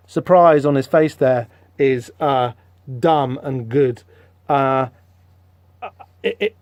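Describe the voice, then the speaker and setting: A man hosting a podcast, rambling through a comic book issue in casual, animated commentary with lots of fillers. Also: fairly high pitch, no room sound. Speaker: podcast host.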